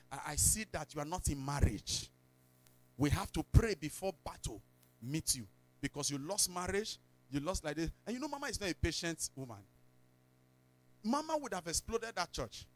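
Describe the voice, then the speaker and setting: The pastor, a man with a Nigerian accent, weaves stories into his church sermon, switches into pidgin now and then, and suddenly shouts. His voice sits on the high side.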